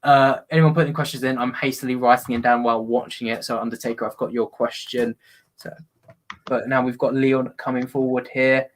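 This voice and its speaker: A man hosting a live football watch-along, chatting and breaking into excited commentary. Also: medium pitch, fairly quick, slight background noise. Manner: excitable, bursts into loud commentary on goals.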